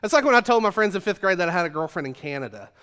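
A man's voice: high voice, big pitch swings, rapid-fire, bright, forceful tone, clear, resonant tone. A male preacher giving a sermon in a casual, joking manner, full of "like" and "uh". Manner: casual and joking, many fillers like 'like' and 'uh'.

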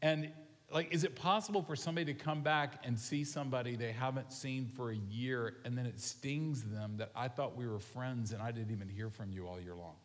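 A man preaching a sermon to his congregation in a relaxed, animated way, often asking the people questions. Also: mid-range voice, fairly quick. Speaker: pastor. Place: large church sanctuary. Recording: long reverb of a large hall.

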